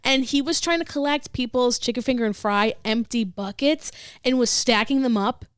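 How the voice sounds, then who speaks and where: A woman's voice: fairly high pitch, smooth, no echo, studio quality. A woman who is a podcast guest, chatting casually and often breaking into laughter. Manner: giggly, quick to laugh. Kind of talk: casual chat.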